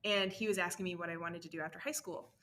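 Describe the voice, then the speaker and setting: A woman's voice: fairly low pitch, fairly even intonation, fast talker, sharp tone, a little hiss or hum. A woman from the South Shore of Nova Scotia with a Nova Scotian accent, a physics teacher giving a thoughtful, candid interview answer. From South Shore of Nova Scotia, Canada.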